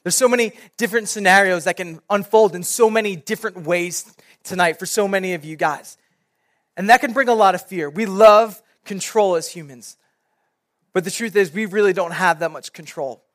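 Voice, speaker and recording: A young man, a youth pastor, giving a sermon and telling a personal story in a casual, animated way. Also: sits high, normal speed.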